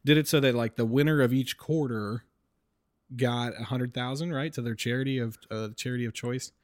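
A man co-hosting a podcast in casual chat, teasing his friend in a dry, low-key way. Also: fairly even intonation, a little fast, no echo. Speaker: podcast co-host.

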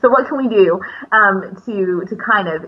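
Woman, middle-aged, husky voice, muffled lo-fi sound, rambling conversational storytelling. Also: mid-range voice, moderate pace. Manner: warm storytelling with many fillers and restarts. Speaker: teacher educator and mentor. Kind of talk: casual podcast conversation.

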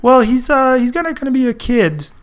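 Meek, awkward filmmaker, high and hesitant, a man putting it on mid-podcast. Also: animated, brisk, clean tone. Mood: matter-of-fact.

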